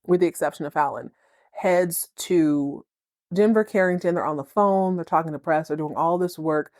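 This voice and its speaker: Podcast host, female, lower voice, animated and slangy, dry close recording. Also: dry recording. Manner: animated, playful, slangy, quick bits of acted quotes. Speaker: podcast host recapping a TV drama. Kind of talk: casual recap with acted-out dialogue.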